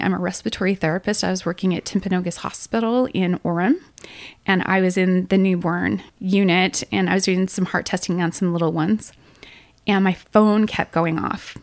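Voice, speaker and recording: A woman's voice: lowish voice, no room sound. A middle-aged woman, a podcast co-host, telling a painful personal story in earnest detail. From Utah. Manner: earnest, emotional retelling with quoted dialogue.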